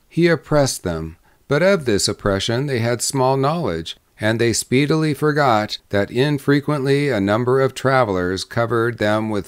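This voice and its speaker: A man reading a short story aloud as an audiobook narrator, with measured pacing that slows on descriptive lists. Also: medium pitch, smooth. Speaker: audiobook reader. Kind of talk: scripted narration.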